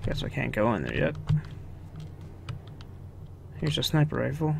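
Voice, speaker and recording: A man's voice: medium pitch, sing-song, a little slow, gravelly, noisy background. A young man casually commenting on his own gameplay, swearing, chuckling and talking to himself. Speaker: gaming video host. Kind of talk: casual let's-play commentary.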